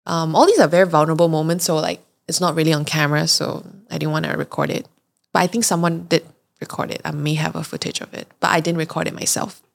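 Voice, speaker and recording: With a deep, creaky voice, a steady tone and a quick pace, this young podcast host shares a candid, confessional story. She keeps it chatty, frequently acting out how she reacted.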